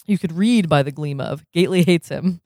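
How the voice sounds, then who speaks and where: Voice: medium pitch, fairly quick, darkish tone, dry recording. Reader going through a novel, laughs a lot, side comments, dry sound. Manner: chuckling, breaks off to comment. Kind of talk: reading a novel aloud with asides.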